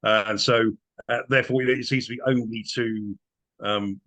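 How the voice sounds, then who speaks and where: A man's voice: on the low side, steady tone, moderate pace, bright, forceful tone. A man as a guest in a casual political chat, indignant and emphatic. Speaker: guest commentator.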